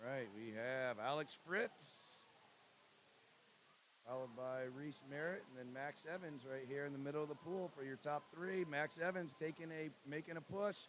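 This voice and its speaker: A man announcing lane assignments and calling races as commentator for a swim meet livestream, with a steady list-reading cadence. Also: fairly high pitch, moderate pace, a little hiss or hum. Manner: reads lane lists in a steady cadence, banters with co-host.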